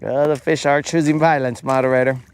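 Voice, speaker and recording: A man's voice: medium pitch, steady tone, brisk, clean tone. A young man casually talking to viewers while fishing, joking around in playful, slangy banter. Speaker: fishing vlogger.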